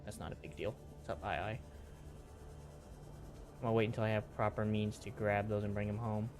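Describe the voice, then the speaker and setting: Music plays behind a man whose steady voice sits on the low side and moves a little fast. He chats to himself casually while gaming, using mild minced oaths.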